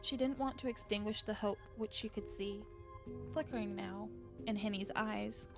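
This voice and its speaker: A woman streamer narrating a visual novel in a steady, measured reading voice. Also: medium pitch, vocal fry, over music.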